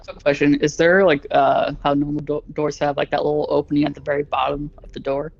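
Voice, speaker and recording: A man's voice: a little high, little pitch movement, a little fast, gravelly, highs cut off. A man playing in a tabletop game, talking in a loose, chatty way and laughing often. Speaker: player. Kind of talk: casual tabletop play.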